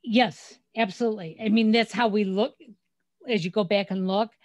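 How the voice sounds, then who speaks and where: A middle-aged woman hosting a podcast, telling family stories in a chatty, animated way over a remote call. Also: mid-range voice, normal speed, dry recording. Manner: storytelling, chatty, animated retelling. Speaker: podcast host. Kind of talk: casual interview chat.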